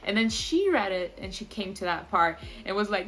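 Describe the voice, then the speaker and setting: A young woman talking straight to camera in a casual book review. She gushes and rants with lots of "like" and quick laughs, at an ordinary middle pitch. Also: faint music behind. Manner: gushing, animated, lots of "like" and laughs. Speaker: book vlogger.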